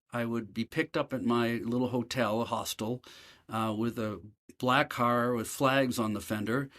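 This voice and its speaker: Man telling a relaxed travel story. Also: medium pitch. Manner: relaxed anecdotal, self-deprecating. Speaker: guest, professor. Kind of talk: storytelling interview.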